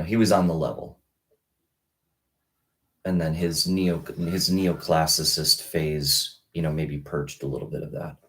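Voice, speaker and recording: A man in his thirties talking casually on a live stream, rambling with many halting restarts. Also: very deep voice. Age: 30s. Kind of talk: casual livestream talk.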